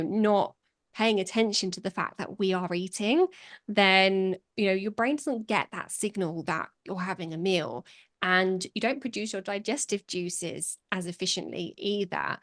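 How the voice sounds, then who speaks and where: A woman's voice: mid-range voice, fairly bright tone, no echo. Woman nutrition expert, dry mic. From United Kingdom. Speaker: guest nutritional therapist. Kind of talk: explaining in an interview.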